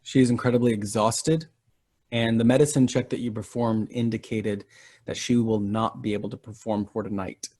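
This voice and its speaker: A man narrating a tabletop game as game master, relaxed and quick to laugh. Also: lowish voice.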